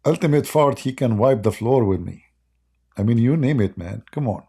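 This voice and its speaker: Husky gravelly man, mocking stream host. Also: medium pitch, animated, moderate pace, mellow. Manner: mocking, rambling, laughs often. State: losing his voice. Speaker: live-stream debate host. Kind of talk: casual live-stream chat.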